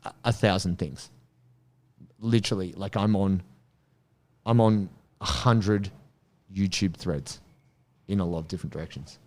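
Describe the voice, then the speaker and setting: A man, a podcast guest and coach, telling stories in animated casual chat and laughing easily. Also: sits low. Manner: animated storyteller, quick to laugh. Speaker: guest, strength and martial arts coach.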